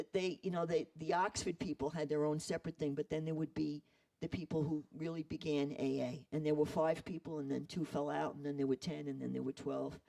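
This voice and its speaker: A man retelling a story in an animated way, acting out the quoted voices. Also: fairly high pitch, recorded from a distance, low-quality recording. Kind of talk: storytelling talk.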